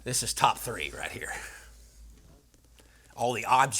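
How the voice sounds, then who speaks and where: A man preaching a sermon, swinging between loud proclaiming and hushed, dramatic storytelling. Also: medium pitch, lively intonation, slow pace, long pauses, husky.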